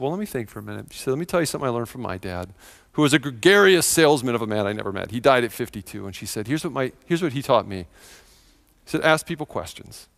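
A middle-aged man preaching a sermon as a pastor, telling stories and acting out quoted voices with animation. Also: medium pitch.

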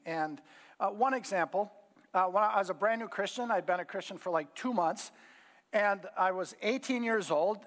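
A man's voice: sits high, fairly bright tone. A middle-aged man preaching in a casual, folksy storytelling way with lots of fillers. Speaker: pastor. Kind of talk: sermon storytelling. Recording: hall reverb.

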